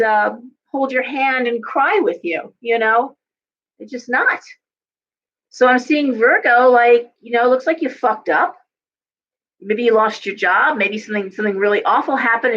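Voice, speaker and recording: A woman's voice: a little high, fairly bright tone. Blunt, fired-up woman on a muffled stream. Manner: blunt, fired-up, swears freely, talks to viewers' comments. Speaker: tarot reader and astrologer. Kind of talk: live-stream tarot reading, casual chat.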